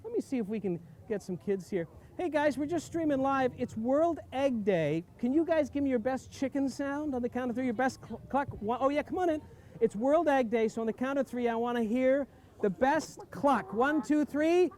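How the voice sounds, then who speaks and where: A man's voice: extremely high pitch, animated, normal speed, darkish tone, a little hiss or hum. A man hosting a live stream outdoors on a farm, chatty and full of exclamations. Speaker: host. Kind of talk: live-streamed casual chat.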